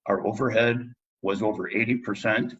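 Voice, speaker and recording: In a podcast interview, this guest dentist, a middle-aged man, recounts something from his own life and plays out the dialogue with lively energy. His pitch is fairly low, his pace normal, and the audio dull.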